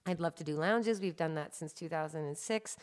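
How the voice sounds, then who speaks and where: A middle-aged woman with a notably low, deep voice speaks in a relaxed interview. She tells her story in an earnest, emphatic way, pressing her points with conviction. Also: a little fast. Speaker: cannabis activist guest. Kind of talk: conversational interview.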